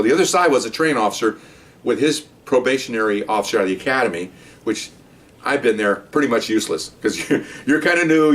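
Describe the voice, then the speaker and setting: An older man, a retired police officer, telling a rambling story in casual talk, acting out the shouted commands. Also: mid-range voice, recorded from a distance.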